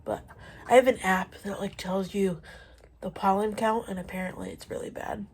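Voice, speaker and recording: Riding a stationary bike at home, a twentysomething vlogger chats loosely and wanders from topic to topic, dropping lots of fillers. Allergies leave her sounding stuffy; her voice sits mid-range with a breathy edge, at an ordinary pace.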